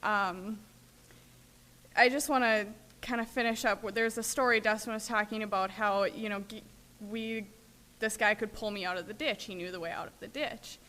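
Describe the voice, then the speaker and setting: A woman's voice: mid-range voice, steady tone, normal speed, sharp tone. A woman from Minnesota speaking at a recovery workshop, telling stories in a chatty way full of fillers. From Minnesota, USA. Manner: chatty storyteller, many fillers. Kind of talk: recovery talk, personal sharing.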